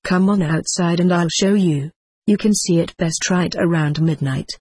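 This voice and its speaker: A woman's voice: lowish voice, normal speed, a little mellow, husky. A woman reading as a wise young woman. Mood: assured. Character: young part-Navajo woman, wise and triumphant.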